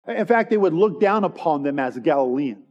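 A man's voice: a little high, animated, moderate pace, a little mellow. A man preaching an earnest sermon, pressing each point with emphatic repetition. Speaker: pastor. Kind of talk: expository sermon. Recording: long hall reverb, dull lo-fi sound.

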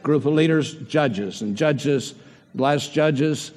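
A man's voice: on the high side, slow pace, a little mellow. An older man preaching a sermon and putting rhetorical questions to the congregation. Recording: long hall reverb.

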